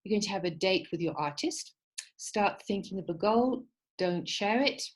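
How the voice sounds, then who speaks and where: In poor-quality audio, a woman speaks at normal speed in a mid-range voice with lively intonation. She's running an online creativity workshop, giving encouraging directions and repeatedly asking "okay?" to check in. She dramatizes the quoted voices as she tells a fable.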